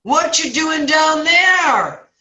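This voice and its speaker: A woman voicing a forgetful, dazed man who drawls slowly and loosely. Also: high voice, lively intonation, sharp tone, reverberant, voice pushed up, exaggerated voice, rough recording. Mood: dopey.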